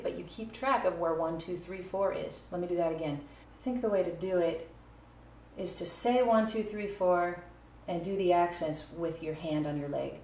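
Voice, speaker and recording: A woman's voice: fairly low pitch, a little mellow. A woman giving a casual music lesson on video, talking through her playing and now and then counting beats and scatting short phrases aloud. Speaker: music teacher. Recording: echoey room with faint noise.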